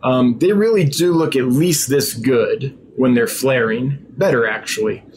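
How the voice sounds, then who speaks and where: Through a low-quality recording with faint background noise, this channel host and aquarium fish seller speaks in a measured, darkish mid-range voice. He improvises casually on his stream, full of ums and restarts, warming up with enthusiasm as he describes his fish.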